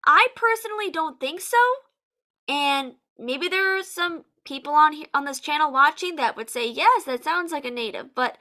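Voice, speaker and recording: An American woman, an online English teacher, giving a lively to-camera lesson and acting out sample phrases with emphasis. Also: high-pitched, moderate pace. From United States.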